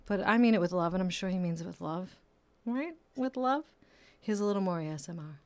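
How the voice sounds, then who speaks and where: A woman hosting her own podcast, talking loosely and playfully in casual solo chat, now and then dropping to a soft whisper. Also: lowish voice, lively intonation, a little fast. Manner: chatty, self-deprecating, loose and playful. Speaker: podcast host.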